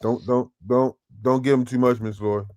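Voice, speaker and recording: A man's voice: mid-range voice, fairly even intonation, normal speed, a little mellow. A man hosting a podcast, chatting casually and teasing his co-host in a laid-back way. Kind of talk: casual chat.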